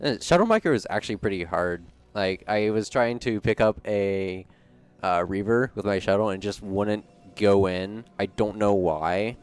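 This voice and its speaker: Deadpan low-voiced male co-caster. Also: normal speed, smooth. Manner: dry, deadpan, rambling asides with fillers. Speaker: esports co-caster. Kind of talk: live esports commentary.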